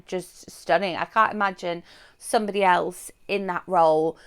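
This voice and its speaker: A woman's voice: on the low side, fairly even intonation, moderate pace, fairly bright tone, smooth. A woman giving a casual, chatty film review, rambling with frequent fillers.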